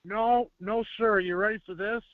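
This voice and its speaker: A man from Buffalo, New York, phones in to a fan show. His voice is a bit high and friendly, and he laughs often. The line sounds muffled and dry. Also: steady tone, normal speed, dry recording. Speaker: caller. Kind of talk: phone-in chat.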